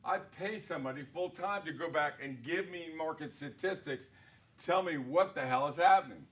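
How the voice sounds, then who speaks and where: A man's voice: fairly high pitch, normal speed, fairly bright tone. A man leading a live sales training for real estate agents in a corporate studio, talking in an emphatic, punchy way and firing off rhetorical questions.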